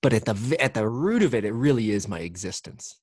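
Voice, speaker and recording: A man's voice: lowish voice, very animated, a little fast, darkish tone, dry recording, clean studio sound. A man in casual reflective conversation, talking candidly in a rambling way, with many fillers and restarts and casual swearing.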